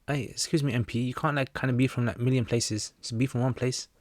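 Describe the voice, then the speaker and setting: At a fairly quick pace and medium pitch, a man answers religious questions and reads viewer comments during a casual livestream Q&A he hosts, keeping things relaxed and joking. There's no echo.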